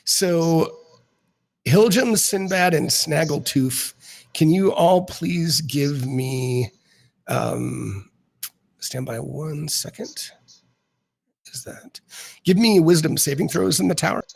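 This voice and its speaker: A man narrating as dungeon master of a tabletop game in a rambling, halting way. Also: a little high, creaky, husky, low-quality recording.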